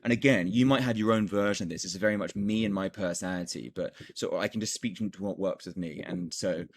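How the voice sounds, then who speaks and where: Energetic coach with a low voice. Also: male voice, fast. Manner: energetic, repeats points, swears casually, acts out call dialogue. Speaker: coach teaching sales calls. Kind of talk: casual teaching monologue.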